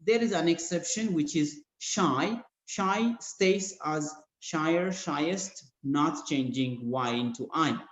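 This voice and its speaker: A male English teacher with an Ethiopian accent and a slightly high voice gives an online grammar lesson over a video call. He explains rules slowly and spells out letters one by one, and the audio is dull and echoey.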